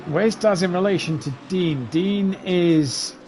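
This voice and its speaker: A man with a fairly high voice commentates an online sim race, chatting easily and reeling off positions and time gaps. A faint hiss of noise sits behind him. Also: takes it slowly, a little mellow.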